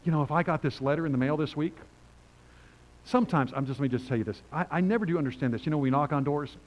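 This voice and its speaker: An older man preaching a sermon in a conversational, animated way, reading scripture and acting out quotes. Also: on the high side, fast talker, low-quality recording.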